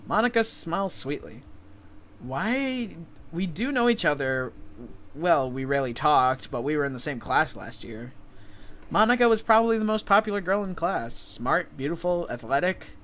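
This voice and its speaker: A man's voice: fairly high pitch, very animated, normal speed, a bit bright. A man reading the lines of a shy, lazy teenage schoolboy narrator while playing through a visual novel. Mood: unbothered.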